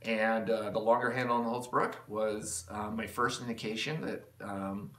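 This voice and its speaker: A man talks in a loose, rambling way, full of ums and false starts, with a bright, forceful edge to his voice. He is recording in his home workshop, and the room adds a noticeable echo around him. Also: lowish voice, steady tone, normal speed. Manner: rambling, enthusiastic, with many fillers and restarts. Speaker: channel host. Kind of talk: rambling casual vlog talk.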